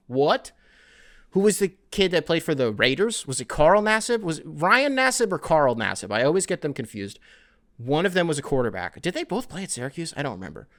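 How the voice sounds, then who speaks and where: Young guy ranting on his podcast, swears a lot, rambly, goes off on asides. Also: fairly high pitch. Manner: profane, rambling, animated with quick asides. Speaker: podcast host. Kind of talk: casual comedic rant.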